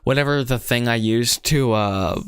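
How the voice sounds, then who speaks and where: A man's voice: mid-range voice, normal speed, clean tone, dry recording, clean studio sound. A man chatting casually on a livestream while writing a script, rambling, correcting himself and laughing often. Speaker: animation filmmaker livestreaming his script writing.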